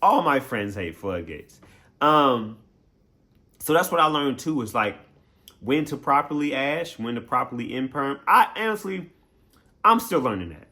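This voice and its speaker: Man, game streamer, casual recap, playful, laughs a lot, bright tone, mid pitch. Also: sing-song, a little slow. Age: adult. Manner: playful and chatty, laughs often, acts out quoted voices. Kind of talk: casual recap talk to viewers.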